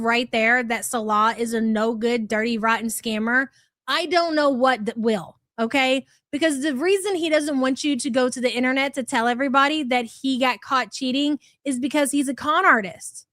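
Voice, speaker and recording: Reading super chats aloud and swearing bluntly as she reacts to clips, this commentary livestream host speaks in a high, somewhat bright voice. The studio-quality recording carries no room sound.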